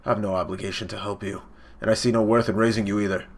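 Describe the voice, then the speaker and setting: A man's voice: lowish voice, flat delivery, rapid-fire. A man voicing a cold, domineering older father who speaks with haughty contempt. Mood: contemptuous.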